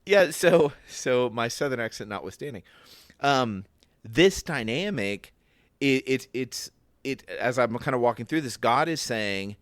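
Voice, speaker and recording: A man co-hosts a casual Bible discussion podcast, thinking aloud in a reflective way, restarting his sentences and acting out the questions in his head. His medium-pitched voice is expressive and measured in pace, with no echo.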